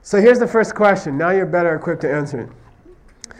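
Man lecturing with a fairly high voice. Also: lively intonation, normal speed. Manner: repeatedly checks understanding with "okay?" and "you see what I mean?"; tells stories, acting out question-and-answer exchanges. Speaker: Buddhist philosophy teacher. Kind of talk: conversational classroom lecture.

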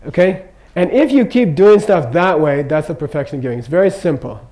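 A man's voice: fairly high pitch, expressive, fairly quick, mellow, rough recording. Older man teaching casually, often asking "okay?". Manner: chatty, joking, checks in with "okay?" constantly. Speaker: Buddhist teacher. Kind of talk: informal dharma teaching. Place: teaching room in Kathmandu.

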